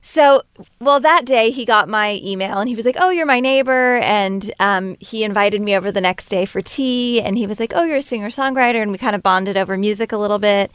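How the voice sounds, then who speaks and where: A woman singer-songwriter telling stories as an interview guest, chatty and quick to laugh, acting out what others said in a lively voice. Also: medium pitch, clean tone, no echo. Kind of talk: casual interview storytelling.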